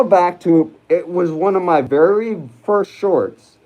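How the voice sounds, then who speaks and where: A man hosting a relaxed livestream, his voice mellow and soft-edged. He wanders from thought to thought, stopping and restarting with plenty of ums while he answers the live chat. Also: high-pitched, slow, highs cut off. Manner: rambling and hesitant, many fillers and restarts; chats with viewers while reading live comments. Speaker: livestream host.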